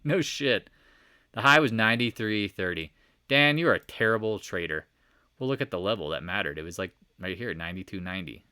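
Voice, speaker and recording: Male market commentator, lower voice, excitable and profane, dry close recording. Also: brisk, clean tone, no room sound. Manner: animated, profane, joking asides. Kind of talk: casual market recap over charts.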